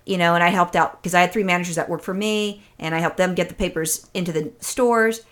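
A woman's voice: on the low side, steady tone, fairly quick, fairly bright tone. Profane storytelling woman podcaster. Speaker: podcast co-host. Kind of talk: casual chat.

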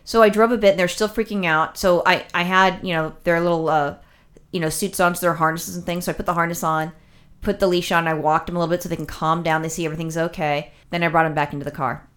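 A woman with a somewhat low voice talks at a rapid clip, spilling out a personal story in loose casual chat. She rambles, doubles back and fills gaps with "you know" as the feeling builds. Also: steady tone, fairly bright tone. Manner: rambling, with many fillers and restarts; emotional, recounting distress.

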